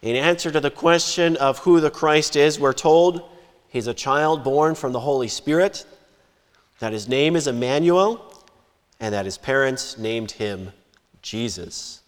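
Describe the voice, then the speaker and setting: A man preaching a sermon in a measured, emphatic way, lifting and dropping his voice for stress. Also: mid-range voice. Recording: long hall reverb.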